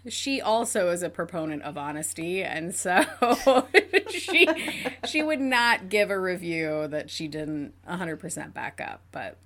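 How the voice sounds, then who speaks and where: An animated woman co-hosting a chatty podcast, her fairly low voice swooping all over as she tells her dating stories. She giggles often and trails through fillers and sound effects mid-story. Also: unhurried, hardly any pauses. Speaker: podcast co-host. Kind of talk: casual podcast chat.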